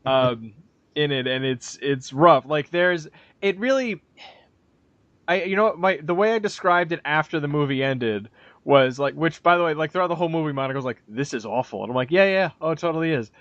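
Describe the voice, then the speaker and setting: A man co-hosts a podcast in loose, profane chat, restarting his sentences and acting out quotes. His voice sits a bit high. The recording is dry and dull, with a lo-fi sound. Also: normal speed, a bit bright, no room sound. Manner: rambling, profane, with frequent restarts and acted-out quotes. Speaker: podcast co-host. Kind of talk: casual chat, movie review.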